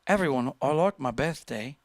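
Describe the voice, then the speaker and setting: Guy doing a posh british birthday voice, slow and pompous, swoopy. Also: medium pitch, animated, no room sound, clean studio sound, natural voice. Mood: mock-posh. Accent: posh British, put on. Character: posh British man gushing about his birthday.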